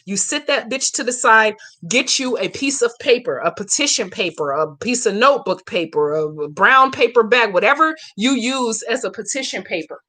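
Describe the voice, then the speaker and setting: A woman's voice: a little high, lively intonation, normal speed, hardly any pauses, pushed and bright. A woman hosting a live Q&A as a hoodoo practitioner, chatting brashly and profanely with viewers and walking them through a spell step by step. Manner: slangy, emphatic instructions. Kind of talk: casual livestream Q&A and spell tutorial.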